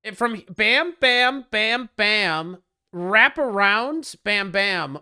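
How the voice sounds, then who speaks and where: Male game streamer, casual joking commentary, bright and clean tone, dry close mic. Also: sits high, expressive, drawn-out words, clean tone, no echo. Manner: chatty, joking, answers chat, gets loud when frustrated.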